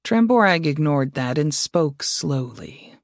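A man reading fantasy fiction aloud as an audiobook narrator, in a measured, steady way. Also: on the high side, no echo, clean studio sound.

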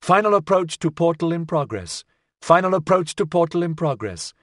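Man voicing a female spaceship computer, flat announcer warnings, raised pitch, dry close sound. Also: normal speed, dry recording. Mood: urgent.

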